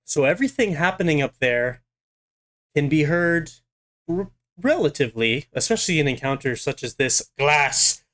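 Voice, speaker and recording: A young man in his twenties tells a personal story to the camera, casual, animated, and dramatic. His voice sits a little high, and he speaks at a moderate pace.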